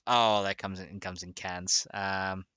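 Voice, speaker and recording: Bright-voiced chatty male streamer. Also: low-pitched, level tone, slow pace, clear, resonant tone, no room sound. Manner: rambling, chatty, laughs often, reads out chat. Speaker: game modding streamer. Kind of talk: casual live-stream chat.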